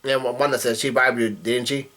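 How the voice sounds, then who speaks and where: A man's voice: medium pitch, steady tone, a little fast, sharp tone. A man casually reading comic dialogue aloud and breaking in with profane asides. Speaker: manga reaction youtuber.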